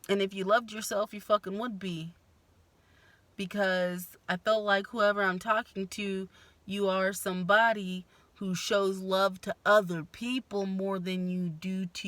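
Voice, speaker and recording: A woman's voice: mid-range voice, a bit bright, no echo. A woman giving a casual spoken tarot reading, frank and blunt, swearing freely and sighing between thoughts. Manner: frank, blunt and profane, with sighs and laughs. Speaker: tarot reader.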